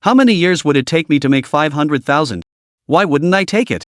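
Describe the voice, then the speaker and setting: A man's voice: fairly high pitch, lively intonation, brisk, fairly bright tone, no echo, clean studio sound. A man voicing a young man who is a blunt, bitter street vendor, reading him in a storybook recap. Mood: sarcastic. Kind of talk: storybook narration.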